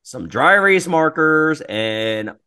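A man co-hosting a casual podcast chat, telling rambling stories and clearing his throat often. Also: a little high, expressive, slow, bright, forceful tone. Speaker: podcast co-host.

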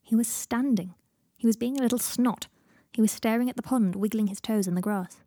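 A woman narrating a fan fiction audiobook in an even, gentle storytelling voice. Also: a little high, brisk, no echo, clean studio sound.

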